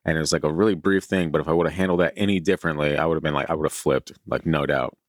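A man with an extremely low voice talks casually as a podcast co-host, rambling through a story with many fillers. He is chewing candy as he speaks. The sound is dry and close. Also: fairly even intonation, quick pace, dry recording. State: chewing candy while talking. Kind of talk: casual chat.

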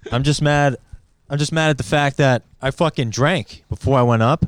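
A man's voice: medium pitch, moderate pace, clear, resonant tone, no room sound, studio quality. A man who is a comedian guest, blunt, profane and griping. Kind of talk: casual chat.

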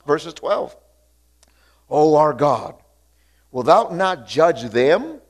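A man preaching a sermon. He reads scripture aloud, comments on it, and mixes in call-outs and repeated hallelujahs, sometimes slowing down to stress words. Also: fairly high pitch, big pitch swings. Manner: sudden stretches of slow, drawn-out emphasis. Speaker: pastor.

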